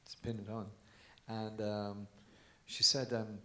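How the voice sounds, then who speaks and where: A man's voice: fairly low pitch, flat delivery, slow, pushed and bright. A man being interviewed on stage at a live event, telling chatty anecdotes and laughing along. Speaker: guest dancer on stage. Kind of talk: storytelling at a live audience event. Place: large conference hall. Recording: echoey hall with stage mic.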